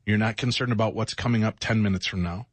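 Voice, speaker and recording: A man's voice: lowish voice, steady tone, fast talker, breathy edge, dry recording. A middle-aged man co-hosting a late-night radio show, talking in a rambling, reflective way with self-mocking asides while sounding exhausted from lack of sleep. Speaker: radio co-host.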